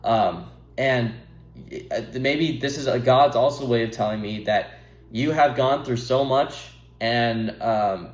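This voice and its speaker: A young man speaks slowly in a mid-range voice, offering earnest advice to camera in a casual, rambling monologue. He keeps stopping to laugh at himself and wandering off topic, and the room he's in is echoey.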